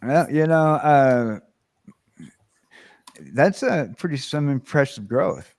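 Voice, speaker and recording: A man's voice: a little high, animated, slow pace, a little mellow, dry recording. A man hosting a casual livestream chat, rambling with lots of fillers and restarts. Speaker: host.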